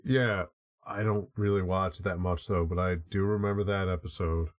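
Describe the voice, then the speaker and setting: A man with a low, deep voice co-hosting a podcast in casual chat. He sounds wry and amused and often pokes fun at himself. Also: steady tone, normal speed. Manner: wry, amused, self-deprecating. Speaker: podcast co-host.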